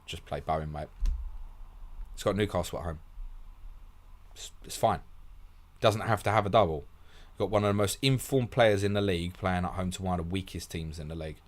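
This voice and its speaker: A man hosting a fast live Q&A, blunt and casual, calling listeners mate, with a sore throat and short of sleep. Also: low voice. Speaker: host answering viewer questions.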